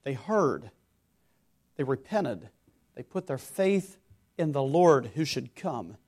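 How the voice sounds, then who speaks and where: A man preaching a sermon, moving between loud exhortation and hushed earnest tones, acting out imagined questioners and their replies. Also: medium pitch, very animated, slow.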